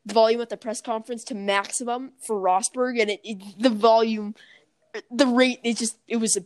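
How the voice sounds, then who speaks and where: A woman co-hosting a podcast in casual chat, chatty, often correcting herself, and quick to laugh. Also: on the high side, steady tone. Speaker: podcast co-host.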